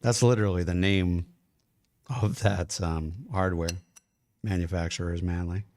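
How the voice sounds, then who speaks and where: A man's voice: deep voice, fairly even intonation, moderate pace, darkish tone, slight background noise. A man, a music producer, chatting casually and rambling as he masters a song live, swearing now and then. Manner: talks while chewing. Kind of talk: casual livestream talk while mastering.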